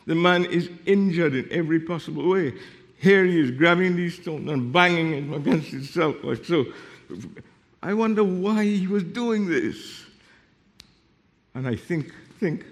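A man preaching a sermon, explaining Bible verses and reading them aloud, with sudden drops to a hushed voice. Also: on the high side, animated, a little slow. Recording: long reverb of a hall.

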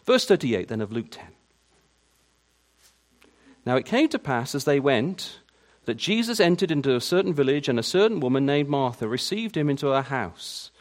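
Animated male preacher, lively pitch. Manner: animated, asks the listeners many questions; stammers and repeats words at the starts of phrases. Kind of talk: sermon.

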